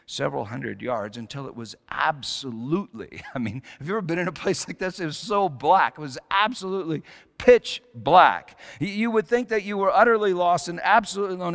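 Man, middle-aged, preaching, hushed to emphatic storytelling, echo of a large hall. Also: fairly high pitch, gravelly. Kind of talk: sermon. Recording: long hall reverb.

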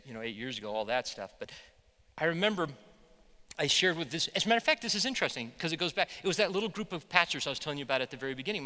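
A man, a pastor, preaching a sermon with animated storytelling. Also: mid-range voice, big-room sound. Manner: animated storytelling, voicing quotes loudly.

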